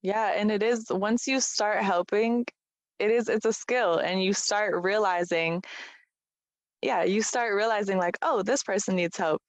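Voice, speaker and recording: A woman's voice: mid-range voice, dry recording. A woman, a foster parent coach, chatting as a podcast guest and readily agreeing. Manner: agreeable, laughs often, quick when explaining. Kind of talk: casual podcast conversation.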